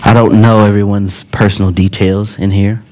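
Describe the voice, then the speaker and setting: A man preaching a sermon in a relaxed, conversational way, with joking asides between earnest points. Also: fairly low pitch, moderate pace.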